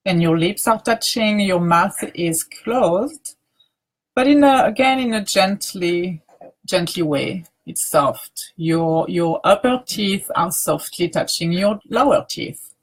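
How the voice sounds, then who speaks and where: A woman teacher leading a guided grounding practice, speaking softly with many pauses and restarts. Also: on the low side, expressive. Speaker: meditation teacher.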